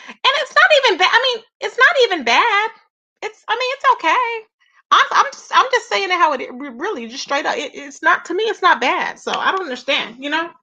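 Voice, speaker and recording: A chatty woman, her voice high and bright, who talks straight to her viewers in a loose gossip vlog. She loops back over her points and keeps calling them "child" and "y'all". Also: lo-fi sound. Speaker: YouTube commentator.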